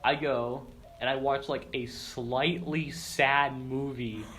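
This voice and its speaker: A man's voice: mid-range voice, steady tone, slow, a crowd in the background. A young man in casual podcast chat, telling stories loosely with swearing and laughter. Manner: laid-back, swearing, laughing storyteller. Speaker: podcast guest. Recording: faint background noise.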